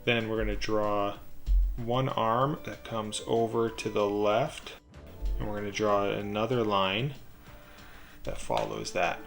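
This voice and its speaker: Gravelly-voiced man teaching drawing. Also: fairly low pitch, takes it slowly, soft background music. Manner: calm, methodical, talks while drawing. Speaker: drawing instructor. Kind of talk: step-by-step drawing tutorial.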